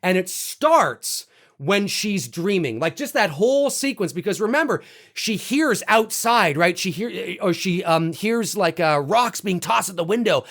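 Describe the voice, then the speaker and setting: A man hosting a casual video, talking animatedly and swearing freely as he ranks favorite horror kills and acts out lines with loud outbursts. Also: high-pitched, expressive, a little slow. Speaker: YouTube host ranking horror kills. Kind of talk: casual excited monologue.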